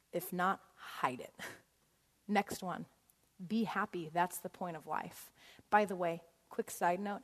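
A woman preaching a sermon to a congregation, telling stories with an animated, laughing delivery. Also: lowish voice. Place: large church hall with congregation. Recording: long hall reverb.

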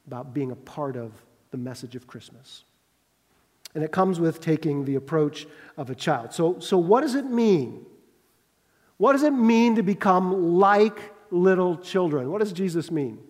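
A middle-aged man preaching a sermon as pastor, conversational and humorous, with lively asides. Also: a little high. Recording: long reverb of a large hall.

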